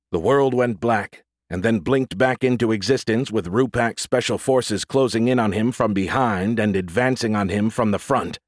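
A man narrating an audiobook in a steady, even storytelling manner, close to a studio mic. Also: fairly low pitch, no echo.

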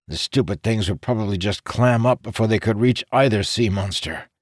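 A man voicing a wounded male conjurer who speaks in halting, strained bursts through pain. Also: fairly low pitch, no echo, clean studio sound, voice pushed up, lightly acted.

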